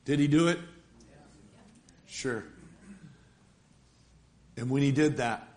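An emphatic male preacher delivering a sermon in a church at a middle pitch. He presses his points hard and keeps asking the congregation for an amen. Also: slow pace. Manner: emphatic, calls for amens.

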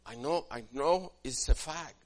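A man preaching a sermon as pastor, swinging from quiet asides to loud, emphatic passages and acting out what church members say. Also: on the high side, a little slow. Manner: acts out quoted church members in different voices.

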